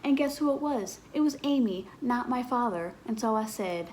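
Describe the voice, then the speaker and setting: A woman's voice: fairly high pitch, expressive, normal speed, darkish tone, a little hiss or hum, rough recording. A woman in her twenties telling a personal story in a casual vlog, blunt and swearing freely. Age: 20s. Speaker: vlogger.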